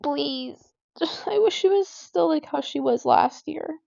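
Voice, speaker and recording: High-voiced teen girl venting. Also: animated, a little slow, gravelly, darkish tone, no echo, muffled recording. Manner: rambling, full of "like" fillers, exasperated. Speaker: gaming vlogger. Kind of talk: casual venting while playing a game.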